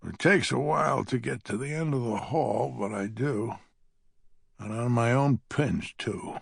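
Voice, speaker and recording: A man's voice: mid-range voice, unhurried, vocal fry, breathy edge, no room sound, studio quality. A man narrating an audiobook in the first person, with a wry, grumbling manner.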